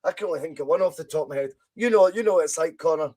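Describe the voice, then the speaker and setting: A man's voice: fairly high pitch, rapid-fire. A man with a Scottish accent hosting a football podcast, talking animatedly and butting in with questions. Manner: animated, interjecting and teasing. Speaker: podcast host. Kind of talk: casual football chat.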